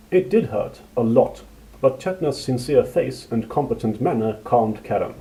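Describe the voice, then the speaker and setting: A man narrating a fantasy story in a steady, measured reading. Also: medium pitch, creaky, poor audio.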